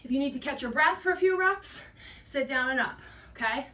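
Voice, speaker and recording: A woman leading an exercise class, talking through each move while she works out herself. Her voice sits high and sounds bright and energetic, with breathlessness from the effort. The mic is some distance away in a roomy, echoing space with faint background noise. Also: a little fast. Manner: encouraging, counting reps while exercising. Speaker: fitness instructor. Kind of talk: workout class instruction. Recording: echoey room, mic at a distance.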